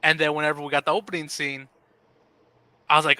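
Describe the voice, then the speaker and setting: A man co-hosting a casual movie review podcast, talking in a laid-back, halting way with fillers. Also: on the high side, pushed and bright, no echo, rough recording. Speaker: podcast co-host.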